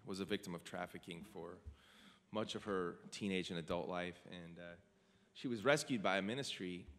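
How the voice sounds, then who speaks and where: A man's voice: lowish voice, a bit bright, big-room sound. A man telling the story behind one of his songs to an audience, earnest and conversational, often asking them questions. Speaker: singer-songwriter sharing a song's story. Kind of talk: casual storytelling to a studio audience.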